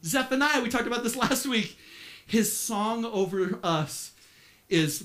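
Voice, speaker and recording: A man preaching a sermon as pastor, animated, with playful asides, swinging from quiet stretches to shouting. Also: extremely high pitch, a little slow.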